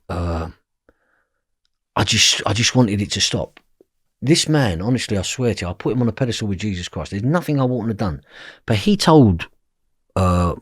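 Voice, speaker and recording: A man's voice: lowish voice, breathy edge, no echo, studio quality. A man, a podcast guest telling a personal story in a blunt, emotional way and swearing freely. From London.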